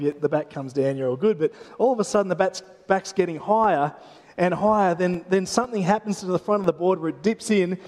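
An Australian pastor with a notably high voice delivers a chatty, joking sermon full of restarts and asides. His voice rings with a long reverb from a church hall. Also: a little mellow. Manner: chatty storytelling with humor and frequent restarts.

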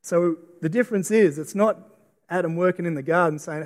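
A man's voice: on the high side, moderate pace, a little mellow. A middle-aged man with an Australian accent preaching a sermon in a church auditorium, earnest, often repeating and restarting words. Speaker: pastor. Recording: long reverb of a church hall.

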